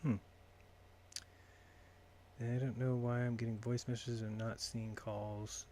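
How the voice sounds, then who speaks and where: A man's voice: medium pitch, flat delivery, takes it slowly, warm tone. Man muttering through a live call-in show. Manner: distracted, muttering while fiddling with call settings. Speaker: livestream host taking calls. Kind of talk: casual live-stream talk.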